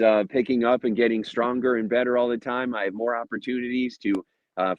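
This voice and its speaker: A middle-aged man talks through a casual motivational pep talk in a low voice, tossing in "right?" and "uh" as he goes. The sound is muffled and slightly dull, with a dry, close feel and no room echo. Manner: conversational, frequent "right?" tag questions and filler "uh". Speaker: hypnotherapist and mindset coach.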